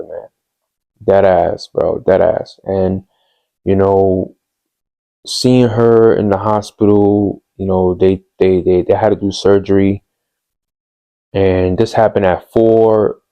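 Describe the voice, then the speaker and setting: A man's voice: lowish voice, muffled recording. A man telling a personal story on his podcast, candid and rambling, with lots of fillers and street slang. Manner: hushed and subdued later on. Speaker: podcast host.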